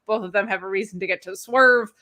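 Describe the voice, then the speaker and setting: A woman's voice: medium pitch, fast talker, pushed and bright. A woman guest co-hosting a casual chat, teasing with dry jokes. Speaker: guest co-host.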